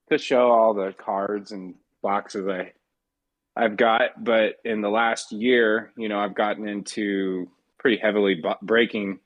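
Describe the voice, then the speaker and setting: A man joining a podcast by video call on his phone, talking in an easygoing, hesitant way. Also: lowish voice. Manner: easygoing, hesitant, restarts words. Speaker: podcast guest. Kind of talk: casual podcast chat.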